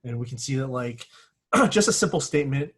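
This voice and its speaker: A male instructor gives a relaxed classroom lecture with a slightly husky, breathy voice. He talks in a loose, filler-heavy way and keeps stopping to clear his throat. His pitch sits in an ordinary middle range. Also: a little fast. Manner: self-correcting, searches for words. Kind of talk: classroom lecture on giving feedback.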